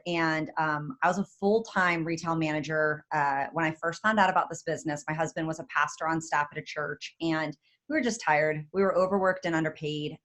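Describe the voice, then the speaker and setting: A woman, giving an excitable, chatty motivational talk on a video call and speaking straight to her audience. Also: deep voice. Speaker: guest speaker.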